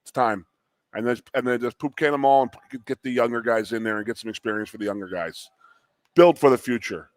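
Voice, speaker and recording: A man's voice: medium pitch, fast, no echo. Sports talk co-host, male, fired up, stumbling over restarts, dry close mic. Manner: animated, worked up, repetitive restarts. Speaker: co-host, former player. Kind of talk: sports talk show chat.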